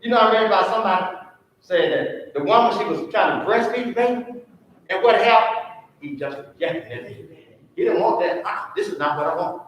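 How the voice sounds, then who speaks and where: A man's voice: sits high, lively intonation, normal speed, a little hiss or hum. Guy teaching sunday school, asks the class questions, far off in an echoey church. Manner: call-and-response questioning. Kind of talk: church Bible lesson.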